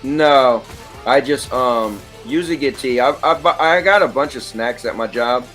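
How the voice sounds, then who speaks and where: A man hosting a casual chat while playing a game, relaxed and reading out game stats. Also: medium pitch, moderate pace, soft background music. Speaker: host.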